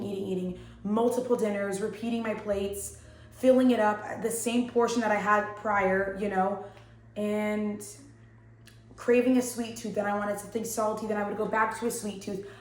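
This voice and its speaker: Chatty young woman in an echoey room. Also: medium pitch. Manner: chatty, animated, slangy storytelling with acted-out quotes. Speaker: vlogger. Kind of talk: casual storytelling vlog. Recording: echoey room with faint music.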